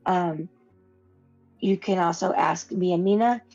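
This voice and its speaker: A woman's voice: on the low side, unhurried, a little mellow. A woman co-hosting a horror podcast in casual chat, rambling with restarts and fillers. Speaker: podcast co-host. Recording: dull lo-fi audio with faint music.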